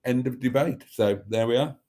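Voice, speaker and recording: A man's voice: medium pitch, moderate pace, warm tone. A middle-aged man, chatting casually on a live stream and reading viewer comments aloud with playful asides.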